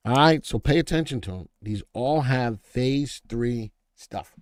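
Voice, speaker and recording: A man's voice: mid-range voice, measured pace, no echo, studio quality. A man with a Boston accent hosting a live stock market stream, rambling, repeating himself and answering viewer chat as he goes. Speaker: stock market show host.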